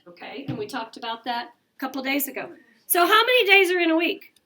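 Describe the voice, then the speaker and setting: Brief: middle-aged female teacher, high voice, brisk classroom delivery, quizzes the kids. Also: big pitch swings, sharp tone. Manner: brisk, coaxing questions to the class. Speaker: elementary school teacher. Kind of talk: classroom math lesson.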